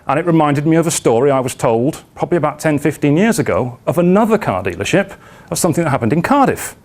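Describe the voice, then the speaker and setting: Talking fast and expressively in a higher-than-average, darkish voice, this South Wales man tells self-deprecating stories in a presentation. The setting is a business networking meeting, and his South Welsh accent is clear.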